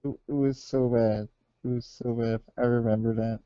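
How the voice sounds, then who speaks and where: Man, podcast co-host, very dark mellow voice, repeats himself, dry dull audio. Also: medium pitch, level tone, normal speed, smooth, dry recording. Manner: repeats himself for emphasis, laughs mid-sentence. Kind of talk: casual gaming podcast chat.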